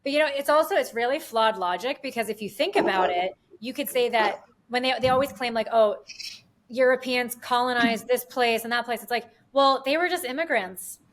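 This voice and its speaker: A woman's voice: fairly high pitch, fairly quick. A woman co-hosting a podcast, chatting casually about politics with a sarcastic, rambling manner. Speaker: podcast co-host.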